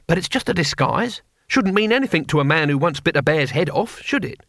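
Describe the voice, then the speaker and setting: A man's voice: a little high, animated, a little fast, a bit bright, no room sound, pitched above the performer's own voice. A man voicing a tough old barbarian leader who speaks in a dry, firm, laconic way. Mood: wry.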